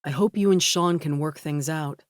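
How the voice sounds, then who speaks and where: A woman voicing a kind, easygoing young man who speaks gently and reassuringly. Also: deep voice, moderate pace, no room sound, studio quality, lightly acted. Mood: gentle.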